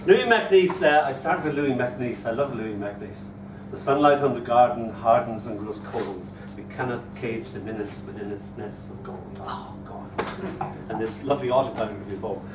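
A man's voice: mid-range voice, moderate pace. Chuckling Irish poet in his sixties. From Ireland. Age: 60s. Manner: animated, chuckling storyteller who recites verse. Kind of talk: live poetry reading with storytelling. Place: hotel room at a poetry festival. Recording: echoey room, distant mic, noisy.

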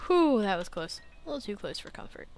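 A young woman hosting a let's play, chatting to the game as she plays, animated and quick to swear. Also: mid-range voice. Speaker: gaming channel host.

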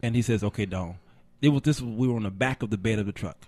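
A man, a preacher hosting a talk show, telling a lively story and laughing often. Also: medium pitch, racing, no echo. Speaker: host and preacher.

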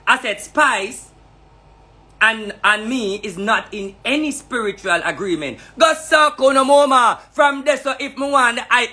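Very high-pitched Jamaican man ranting. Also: lively intonation, moderate pace, pushed and bright. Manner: heated, profane, repetitive taunting in patois. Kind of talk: angry ranting monologue.

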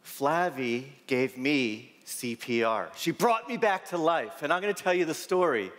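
A man's voice: on the high side, expressive, measured pace, fairly bright tone. A man, a doctor, telling a story in a keynote talk with punchy, dramatic repeated lines. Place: large conference hall. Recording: long reverb in a big hall.

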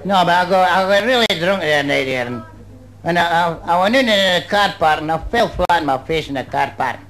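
A man's voice: a little high, animated, a little fast, rough recording. A Scottish man doing live stand-up comedy, telling rambling anecdotes with "you know" thrown in. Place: nightclub stage before a live audience. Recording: old live club recording, loud crowd and noise. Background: audience laughter.

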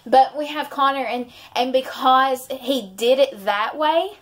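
A woman's voice: sits high, a little slow, fairly bright tone. Heartfelt woman sharing her testimony. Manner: heartfelt, rambling with restarts. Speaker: vlogger and mother. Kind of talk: emotional personal testimony.

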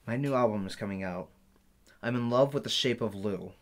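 An actor playing a bitter, boastful former tour mate in a mockumentary interview, speaking deadpan. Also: male voice, lowish voice, brisk, close to an everyday voice. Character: washed-up male ex-bandmate, bitter and boastful.

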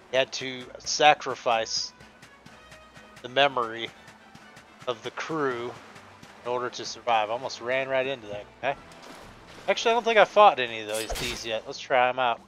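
A man's voice: mid-range voice, animated, measured pace, pauses often, fairly bright tone, faint music behind, low-quality recording. A man casually commenting as he plays a video game, thinking aloud and reading the on-screen text. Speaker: gameplay host. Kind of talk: casual let's-play commentary.

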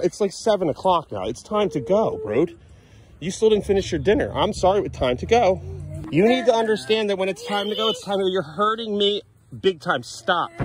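Exasperated dad scolding kids outdoors. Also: male voice, on the high side, a little mellow. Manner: stern, exasperated, swings between scolding and muttering asides. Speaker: father vlogging at a playground. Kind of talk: handheld family vlog. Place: outdoor playground. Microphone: handheld phone camera.

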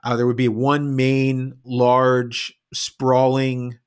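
A man playing a tabletop game, describing a place at length in a relaxed, filler-heavy way. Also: mid-range voice, extremely slow, smooth. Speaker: player.

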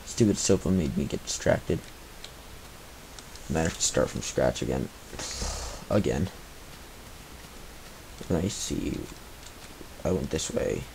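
Male gamer, unhurried and muttering, frustrated asides, cheap mic with faint hiss. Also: rumbling low, expressive, creaky, a little mellow, low-quality recording. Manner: mumbling, grumbling to himself with frustrated asides. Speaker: gaming commentator. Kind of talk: live gameplay commentary. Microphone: cheap replacement microphone.

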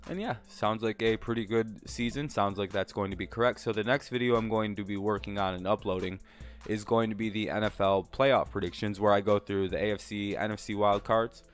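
A man's voice: fairly low pitch, smooth. A man casually talking through his sports predictions as a channel host, rambling with many fillers and some swearing, a bit out of breath. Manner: rambling, lots of fillers and profanity.

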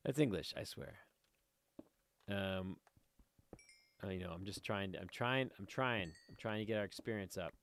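A man's voice: low-pitched, normal speed, pauses often, a bit bright, slight background noise. A man giving casual, rambling commentary while playing a game, easily sidetracked and chatting to viewers and to the creatures on screen. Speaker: let's play host.

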